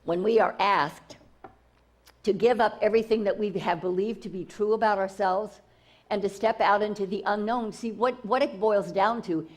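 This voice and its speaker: A woman's voice: mid-range voice, normal speed. A woman spiritual teacher giving an enthusiastic inspirational talk, repeating herself and restarting phrases often.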